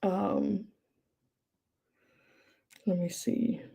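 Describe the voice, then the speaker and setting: A young woman hosting a relaxed livestream chat, talking unhurriedly with a gravelly fry in her voice. She gushes enthusiastically and rambles along with plenty of filler words. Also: mid-range voice, very slow. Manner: gushing, enthusiastic, chatty with many fillers. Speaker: livestream host. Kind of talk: casual chat.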